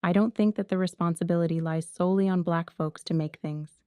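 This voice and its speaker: Audience member, woman from Montreal: low, mellow, smooth voice, earnest and emphatic. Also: steady tone, fairly quick, dry recording, studio quality. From Montreal, Canada. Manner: heartfelt, emphatic. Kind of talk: public comment from the floor. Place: museum auditorium.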